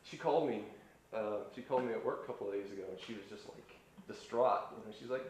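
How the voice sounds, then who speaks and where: A man's voice: fairly low pitch, fast, darkish tone. A man doing live stand-up, telling a long joke in a laid-back, rambling way. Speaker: stand-up comedian. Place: live studio stage. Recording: roomy live stage sound with faint noise.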